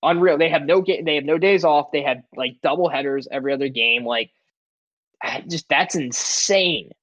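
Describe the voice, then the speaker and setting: A man's voice: fairly high pitch, normal speed, a bit bright, no room sound, rough recording. A man co-hosting a sports podcast, talking in a rambling, casual way with lots of "like"s and restarts. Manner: rambling, filler-heavy, many "like"s and restarts.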